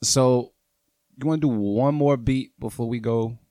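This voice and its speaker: A man co-hosting a podcast, giving frank, relaxed feedback on beats with plenty of fillers. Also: medium pitch, unhurried, dry recording, clean studio sound. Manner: laid-back, frank critique with fillers. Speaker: podcast co-host reviewing beats. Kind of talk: casual chat.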